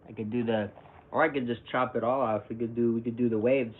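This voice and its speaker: A man's voice: mid-range voice, fairly even intonation, fast talker. A young man streaming live, rambling casually and self-mockingly while reacting to chat comments, often chuckling. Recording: tinny phone-like audio with faint hiss.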